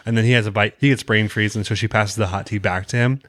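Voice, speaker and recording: A man's voice: lowish voice, steady tone, fast talker, a bit bright, no room sound, studio quality. A man co-hosting a casual chat, retelling episodes at length with crude jokes and fillers. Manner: storytelling recap, crude jokes, filler words. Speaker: podcast co-host recapping episodes.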